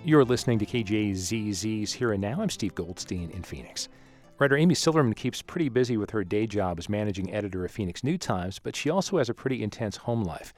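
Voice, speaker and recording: A man's voice: fairly low pitch, lively intonation, fairly quick, darkish tone, soft background music. A man hosting a radio show, introducing a guest and asking probing questions in a conversational way. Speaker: radio host. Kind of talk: radio interview. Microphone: studio mic.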